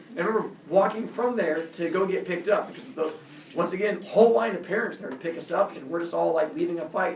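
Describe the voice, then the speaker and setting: Man in his own voice, casual storyteller who acts out quotes; slightly high, recorded off-mic in a reverberant room. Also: far from the mic, slight background noise. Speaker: coach.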